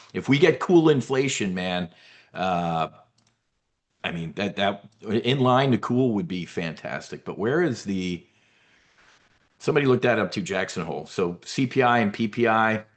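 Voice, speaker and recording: A man's voice: lowish voice, expressive, a little slow. Brief: cocky male market commentator, rambling, full of himself, off-the-cuff delivery. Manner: brash, boastful, rambling. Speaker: trading newsletter host.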